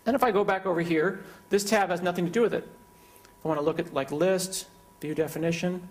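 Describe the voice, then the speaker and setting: A man's voice: high-pitched, steady tone, brisk. Joking man giving a keynote demo. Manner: joking, conversational. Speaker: keynote speaker. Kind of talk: live software demo presentation.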